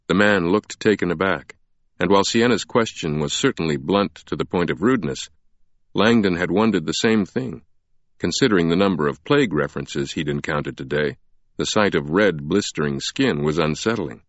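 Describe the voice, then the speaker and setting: A man narrating an audiobook in a measured, expressive storytelling manner. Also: deep voice, no echo, lo-fi sound. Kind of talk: scripted narration.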